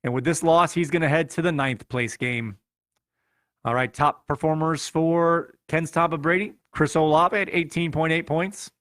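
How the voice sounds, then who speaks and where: Man, chicago accent, fantasy football recap, higher voice, dry close sound. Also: fairly even intonation, normal speed, fairly bright tone, no room sound. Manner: playful, reads scores in a running recap. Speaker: podcast host.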